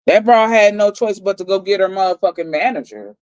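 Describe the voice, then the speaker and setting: Brief: blunt livestreamer retelling a night out, mid-pitched, dry close sound. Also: fairly quick, darkish tone, dry recording. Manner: blunt and profane, repeating lines for emphasis. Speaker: livestream host. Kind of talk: heated storytelling recap.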